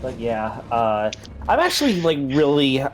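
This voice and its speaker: A man's voice: mid-range voice, huge pitch swings, normal speed, music in the background. A man co-hosting a casual game stream, rambling with many fillers.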